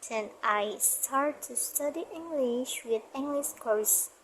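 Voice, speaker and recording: Young woman, student presentation, reads from notes, slow unhurried delivery, faint hiss. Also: high-pitched, a bit bright, low-quality recording. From Indonesia. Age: young adult. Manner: reads from notes, repeats example words slowly. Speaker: university student. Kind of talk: class presentation.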